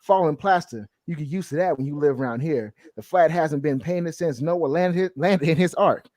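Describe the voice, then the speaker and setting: A man reading aloud a comic's lines for a weary, kindly tenant mother in a run-down flat, mocking the stiff wording. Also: deep voice, moderate pace, no echo, clean studio sound.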